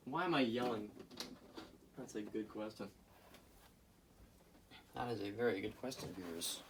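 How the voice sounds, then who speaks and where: A man hosting a casual repair video, rambling and joking to his viewers as he works, often away from the camera and now and then breaking into loud bursts. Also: lowish voice, lively intonation, a little slow, pauses often, background noise. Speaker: hobbyist video host repairing a clock. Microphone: camera mic, speaker often away from camera.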